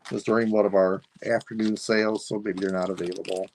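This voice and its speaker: A man selling items on a live stream, thinking aloud in a rambling, unhurried way as he describes each piece. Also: on the low side, flat delivery, background noise. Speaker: online seller. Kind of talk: live-stream sales chat.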